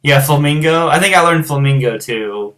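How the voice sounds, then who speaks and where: Rural-accented American man, bright tone, loose rambling live-stream chat as a guitar teacher. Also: a little high, expressive, normal speed. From United States. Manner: rambling, many fillers and restarts. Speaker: guitar teacher and show host. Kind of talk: casual chat answering viewers.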